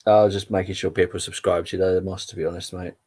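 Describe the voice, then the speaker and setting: A man's voice: sits low, level tone, racing, darkish tone, breathy edge. A young man hosting a live football stream, chatting in a rambling, casual way with lots of fillers. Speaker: livestream football update host.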